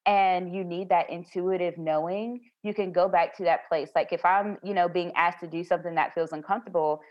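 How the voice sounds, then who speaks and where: A woman guest tells about an experience in an earnest, affirming way, in conversational storytelling. Her fairly low voice is steady and brisk, and the recording is dry and slightly dull with no echo.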